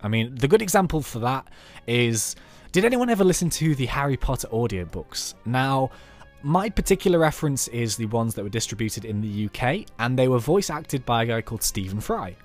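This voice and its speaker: This is a UK man hosting a YouTube let's play, chatting animatedly and rambling off on tangents as he comments on his gameplay. His medium-pitched voice is brisk, with faint music behind him.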